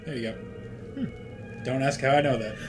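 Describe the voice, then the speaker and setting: A young man chats casually over a horror game with a co-host. He jokes and swears freely with dry, wry humor, and his voice sits at an ordinary middle pitch. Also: a little slow, faint music behind. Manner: profane, joking and wry. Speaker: gaming co-host. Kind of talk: casual let's-play chat.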